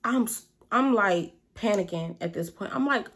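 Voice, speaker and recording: A woman vlogger telling a story in a casual, animated, slangy and profane way. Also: mid-range voice, normal speed, hardly any pauses.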